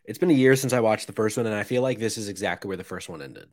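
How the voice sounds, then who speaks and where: A man's voice: lowish voice, very fast. A man co-hosting a podcast, wry and hesitant, often restarting his sentences. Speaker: podcast co-host. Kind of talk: casual podcast banter.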